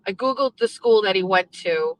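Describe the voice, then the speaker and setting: A middle-aged woman telling a personal family story as a show host, halting and emotional, often clearing her throat. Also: medium pitch, animated, low-quality recording.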